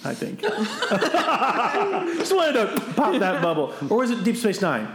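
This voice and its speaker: A man's voice: high-pitched, wildly swooping pitch, slow pace, reverberant, noisy background. A man hosting a casual podcast movie quiz, chatty and self-deprecating, laughing often. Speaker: quiz host.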